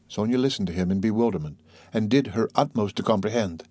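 A man narrating a literary audiobook in a measured, steady way. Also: on the low side, slightly rough, no echo.

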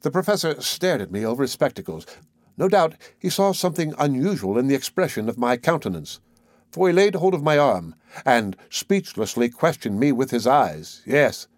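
A man narrating a classic adventure story in the first person, measured and expressive. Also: medium pitch, no echo, studio quality. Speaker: audiobook narrator.

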